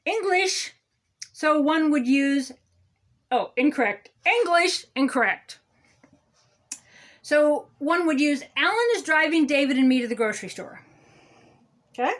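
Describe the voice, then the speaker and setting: In a satirical comedy monologue, a woman plays a smug, condescending male city councilman lecturing on grammar and repeatedly saying "okay?". Her voice is high-pitched and animated, with a slow pace and long pauses.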